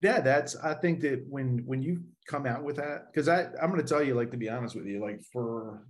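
A man's voice: mid-range voice, a little fast. A middle-aged man, a podcast guest who tells rambling stories full of fillers and frequent chuckles. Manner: rambling, filler-heavy storytelling, chuckles often. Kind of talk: casual storytelling in an interview.

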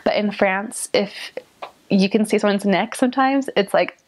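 A young woman speaks at a middle pitch with a very flat, even tone, explaining in a casual way. She pauses often on "um" and keeps her delivery steady. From United States.

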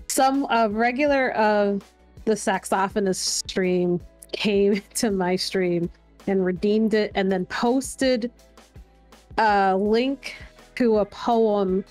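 A woman's voice: medium pitch, a little mellow. A woman guest on a podcast, chatting casually and laughing often as she tells a story, with many fillers. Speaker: guest streamer and artist.

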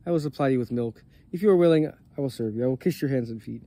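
A man's voice: medium pitch, fast, warm tone, lightly acted. A man voicing a humble, devoted male shepherd, earnest and pleading in his lines.

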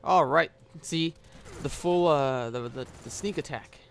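A man's voice: on the high side, a little slow, fairly bright tone, a little hiss or hum. A man giving casual gameplay commentary as a gaming YouTuber, rambling with many filler sounds and swearing at the game, recorded on a headset mic.

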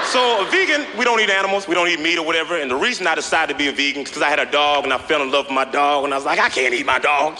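A man doing a stand-up set on a big studio stage, quick, playful and self-mocking. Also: high voice, background noise. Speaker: stand-up comedian. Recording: loud studio audience and music.

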